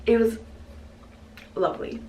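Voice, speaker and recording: A woman's voice: unhurried, a little mellow, slight background noise, poor audio. A young adult woman chatting casually to camera in a daily vlog, often cooing at her cat. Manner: chatty, talks baby-talk to her cat. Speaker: vlogger.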